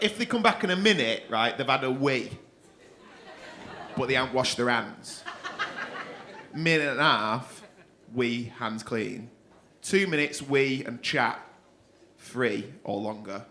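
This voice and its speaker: A man hosting a comedy night, chatting to the room and building up to shouted introductions of the next act. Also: mid-range voice, animated, slow, long pauses, a faint crowd. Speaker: comedy compere. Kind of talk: stand-up hosting. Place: comedy club stage. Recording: clear background noise in club.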